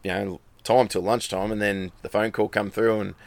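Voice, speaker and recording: A man's voice: on the low side, little pitch movement, moderate pace, creaky, no echo. A middle-aged Australian man with an Australian accent, a rally racer telling a rambling story in casual chat and acting out the dialogue. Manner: rambling, acts out quoted dialogue.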